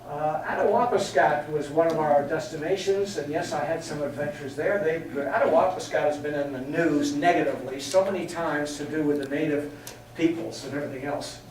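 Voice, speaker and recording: A man's voice: a little high, a little fast, a little mellow, recorded from a distance, slight background noise. Older man telling flying stories, echoey hall. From England. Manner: anecdotal, chatty, laughs at his own stories. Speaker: guest speaker. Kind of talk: storytelling talk. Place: meeting hall.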